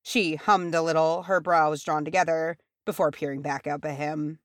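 A woman's voice: low voice, steady tone, moderate pace, no room sound, studio quality. A woman reading a fan fiction chapter aloud as an audiobook, shifting her voice for the characters. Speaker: audiobook reader.

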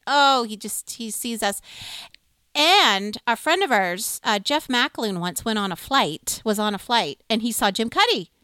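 Middle-aged woman telling a story on a stream, bright voice, does the voices, dry close sound. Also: a little high, measured pace, clear, resonant tone, dry recording. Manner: animated, acts out quoted voices. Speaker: livestream co-host. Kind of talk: casual storytelling.

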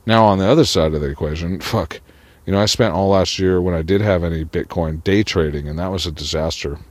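A man's voice: sits low, fairly quick, no echo. A man talking to camera in a rambling personal monologue, profane and full of "like". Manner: profane, rambling, heavy use of "like". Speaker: vlogger.

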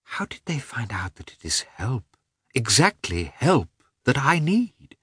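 A man voicing a young bridegroom's anxious inner thoughts, in a hushed, half-whispered musing. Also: mid-range voice, big pitch swings, measured pace, slightly rough, dry recording, studio quality, voice pushed up, heavily acted. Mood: anxious wonder.

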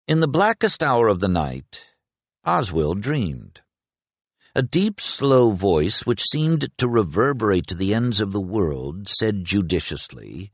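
A man narrates an audiobook in a very low voice. His reading is expressive and moves widely in pitch. The recording is close and dry. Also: no echo. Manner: expressive storytelling. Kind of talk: scripted narration.

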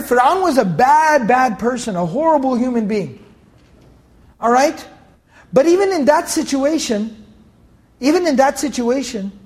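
A man teaching a Quran tafseer lesson, explaining with everyday analogies and casual fillers, repeating phrases for emphasis. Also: extremely high pitch. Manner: recites verses in a quick chanted cadence.

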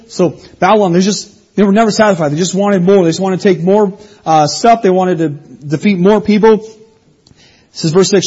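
A man's voice: high-pitched, normal speed, a little mellow, husky, dull audio. A man preaching an expository sermon, reading scripture aloud and explaining it in an earnest teaching manner. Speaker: pastor.

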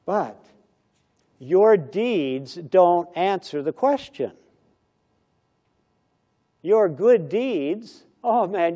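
A man's voice: high-pitched, expressive, drawn-out words, pauses often, warm tone. A middle-aged pastor preaching a conversational sermon, acting out little everyday dialogues as he goes.

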